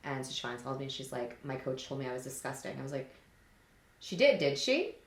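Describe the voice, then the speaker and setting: A woman's voice: rumbling low, very fast, echoey room, slight background noise. A middle-aged woman co-hosting a podcast, telling stories in casual chat and acting out the voices in quotes. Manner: animated storytelling, acts out voices in quotes. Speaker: podcast co-host.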